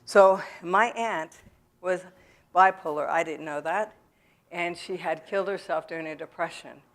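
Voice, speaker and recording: A woman speaking in a church, telling her own story to the audience in a halting way, with many pauses and fillers. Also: lowish voice. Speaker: guest speaker at a recovery event. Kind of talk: personal testimony to a church audience. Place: church sanctuary.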